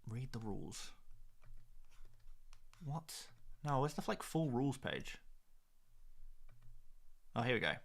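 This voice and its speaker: Bright-voiced chatty man. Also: medium pitch. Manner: chatty, jokey, muttering asides. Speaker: streamer host. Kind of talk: casual live-stream chat.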